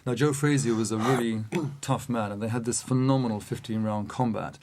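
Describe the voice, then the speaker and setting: A man telling an anecdote in an animated way, often laughing as he goes. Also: medium pitch, fairly quick, noisy background. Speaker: storyteller. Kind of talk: anecdotal storytelling.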